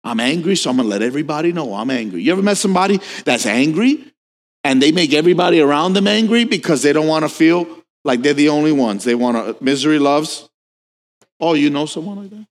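A man preaching a sermon as pastor, swinging from hushed lines to shouted questions, telling stories with casual asides. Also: a little high, lively intonation, fast talker. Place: church sanctuary. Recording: long hall reverb.

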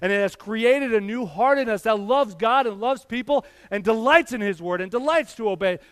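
Pastor, male, 30s, high voice, dry close sound, earnest sermon with swelling emphatic builds. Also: lively intonation, normal speed, fairly bright tone, dry recording. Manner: earnest preaching with rising emphatic builds, addresses the church directly.

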